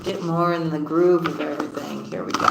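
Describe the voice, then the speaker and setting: A woman's voice: sits low, vocal fry, heavy background noise. A woman giving a casual tarot reading, laughing often and repeating her phrases. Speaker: tarot card reader. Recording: roomy echoey room.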